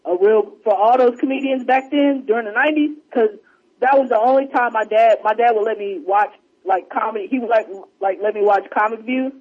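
A man co-hosting a podcast tells stories in a brisk, animated way during casual chat, putting on a higher voice to act out quotes. The sound is dull and lo-fi.

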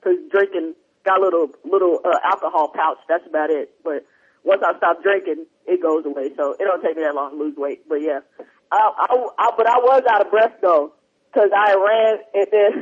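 At normal speed, in a high-pitched voice with a breathy edge, a man hosting a podcast talk show reads listener emails, chatting casually and drifting off in a rambling, distractible way. Heard through headphones over a remote line, the recording is dull and lo-fi.

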